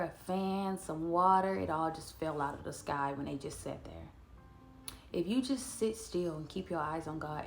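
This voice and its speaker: Gravelly woman giving a casual Bible talk. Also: lowish voice. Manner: chatty and earnest, slows down to read scripture aloud. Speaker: Bible study vlogger. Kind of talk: casual devotional talk to camera.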